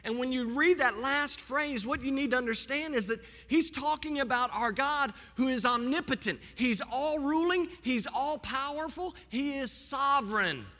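A pastor preaches from the pulpit, his high, bright voice rising and falling with emphatic force. The sound rings out with the long reverb of a church sanctuary. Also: normal speed, hardly any pauses. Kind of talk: sermon.

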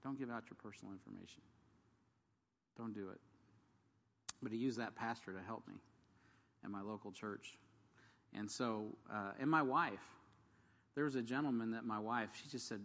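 A man's voice: fairly low pitch, normal speed, long pauses, a bit bright, long reverb tail. A man in ministry work telling personal faith stories in a rambling, casual way, acting out the people he quotes. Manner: rambling, acts out dialogue in varied voices. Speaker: ministry worker. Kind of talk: casual testimony storytelling.

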